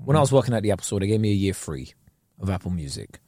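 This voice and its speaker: Animated young man with slang. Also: sits low, rapid-fire, no echo, clean studio sound. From England. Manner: animated, mimics voices, slangy banter. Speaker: podcast co-host. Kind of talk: casual chat.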